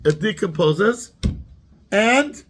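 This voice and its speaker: A man's voice: sits high, expressive, very slow, a bit bright. A man, a rabbi giving a Torah class who keeps asking his students questions and mixes Hebrew terms into his English.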